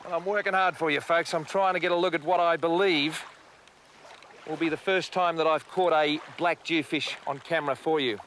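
A man's voice: on the high side, steady tone, normal speed, a bit bright, slight background noise. A middle-aged Australian man hosting a fishing show, exuberant and jokey, talking straight to viewers from a boat outdoors. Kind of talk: excitable fishing show commentary.

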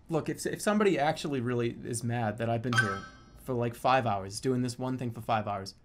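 A man's voice: mid-range voice, brisk. A young man streaming a game, chatting casually and breaking into theatrical mock-angry rants full of swearing. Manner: theatrical mock-angry ranting, lots of swearing, swings to loud outbursts. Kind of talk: casual live-stream chat while gaming. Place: home streaming setup, seated at a desk. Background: game music.

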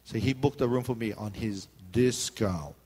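A man's voice: mid-range voice, moderate pace, warm tone, husky. A middle-aged man with a Hawaiian Pidgin accent, preaching in a chatty, joking storytelling way. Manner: chatty storytelling, jumps into voices. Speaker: pastor. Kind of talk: joking sermon talk.

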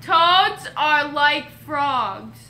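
A woman vlogger in a casual party game, playfully repeating phrases and shouting them loudly. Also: high-pitched, expressive, very slow, echoey room.

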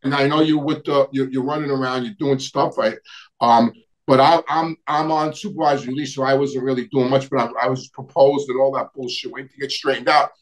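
A man's voice: medium pitch, steady tone, brisk, rough recording. A middle-aged man, telling old neighborhood stories in a rambling way, restarting sentences and searching for names. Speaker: guest recounting family history. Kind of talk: casual storytelling conversation.

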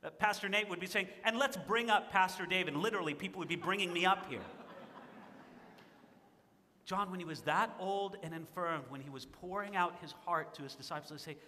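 Male pastor, bright high voice, earnest sermon delivery, hall reverb. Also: animated, fairly quick, a little hiss or hum. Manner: earnest, pleading, rising to emphatic.

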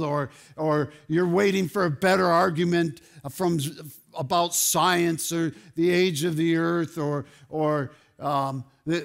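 Male pastor, high voice, unhurried sermon delivery with loud animated peaks. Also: vocal fry. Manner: animated preaching, rising to loud exclamations. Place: church sanctuary.

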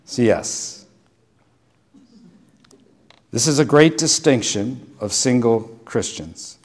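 A middle-aged man preaching a sermon as pastor, moving from plain exhortation into relaxed storytelling with dry humor. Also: medium pitch, takes it slowly.

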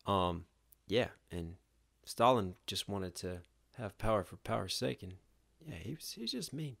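A young man, a rapper, reacting to a music video in casual, animated commentary, swearing and laughing often. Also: fairly low pitch, measured pace, vocal fry.

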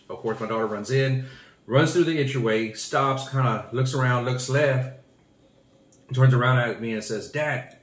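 Man rambling through a story, echoey room. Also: mid-range voice. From Texas. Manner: relaxed, rambling, short agreeing replies. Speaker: co-host of family channel. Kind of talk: casual storytelling chat.

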